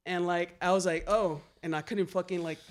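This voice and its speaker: Young guy with a higher voice, loose slangy storytelling, swears a lot, gets real animated. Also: normal speed. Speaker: graffiti writer telling stories. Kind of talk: casual storytelling chat.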